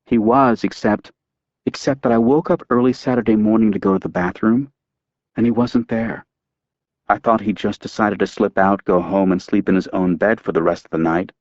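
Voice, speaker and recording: A man's voice: fairly low pitch, fairly even intonation, moderate pace, a little mellow, no echo, highs cut off, close to an everyday voice. A man reading an audiobook, voicing an anxious, guilty woman who pleads in a shaky, raised voice. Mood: pleading.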